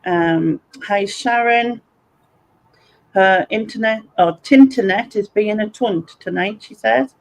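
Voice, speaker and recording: Reading out viewer comments while she chats on a casual livestream, this host speaks slowly in a creaky, medium-pitched voice. She's a woman from North East England with a Sunderland (Mackem) accent, and the recording quality is low.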